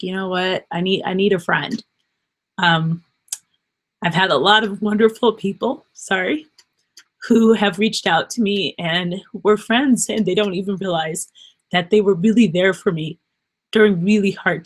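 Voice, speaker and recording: An earnest woman gives an unscripted motivational talk, rambling and encouraging. She sounds emotional and close to tears, and her voice sits at a middle pitch. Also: steady tone, moderate pace. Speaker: podcast host.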